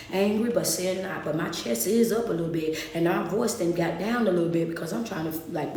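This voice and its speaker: A woman's voice: fairly low pitch, brisk, warm tone. A woman motivational speaker preaching on a Bible story in a colloquial, conversational way, acting out the story in the first person. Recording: roomy echo, distant mic, faint background noise.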